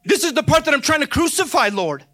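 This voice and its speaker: A man's voice: very high voice, very animated, fast, pushed and bright. A man preaching an informal sermon, emphatic and calling out to his listeners again and again. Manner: emphatic, repetitive call-outs to listeners.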